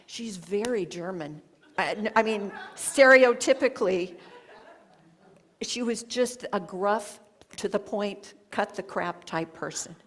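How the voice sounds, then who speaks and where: A woman speaks to a congregation, telling a personal story. Her voice sits at an ordinary middle pitch, and she talks slowly, pausing between phrases as she reflects. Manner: slow, reflective storytelling with long pauses. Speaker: guest speaker. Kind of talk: spoken sermon with personal story. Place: church sanctuary.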